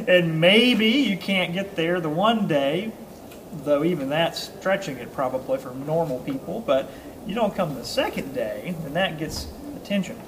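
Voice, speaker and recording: A man's voice: on the high side, expressive, unhurried, noisy background. A man teaching a Bible study group. He reads a passage, then explains it casually with ums, uhs and chuckles. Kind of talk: informal scripture teaching to a small group.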